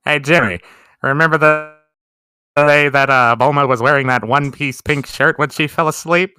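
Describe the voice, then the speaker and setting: A man's voice: fairly high pitch, fairly even intonation, normal speed, pushed and bright, smooth, dry recording, studio quality. A man playing a forgetful, crude old grandfather in an improvised comedy bit, rambling about cartoons.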